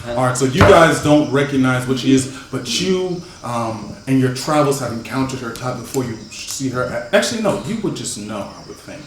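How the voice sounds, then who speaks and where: A man's voice: medium pitch, animated. Hesitant man narrating a tabletop game. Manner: halting, many fillers and restarts. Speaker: game master. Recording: echoey room far from the mic with noise.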